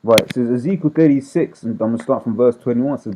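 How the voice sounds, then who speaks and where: A man's voice: mid-range voice, fast talker, few pauses, slight background noise. Guy preaching off the bible, slangy, keeps saying right?, tinny phone sound. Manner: reads verses aloud, then explains in slang; checks in with "right?" after nearly every point. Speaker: street preacher. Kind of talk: informal scripture teaching.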